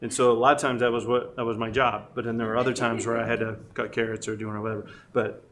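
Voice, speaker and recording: A man's voice: mid-range voice, flat delivery, quick pace, a bit bright. A middle-aged man talks through family stories in a loose, chatty way. He pokes fun at himself and laughs often. His voice sits in an ordinary mid range, with faint room noise underneath. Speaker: guest speaker. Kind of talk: casual storytelling about family life.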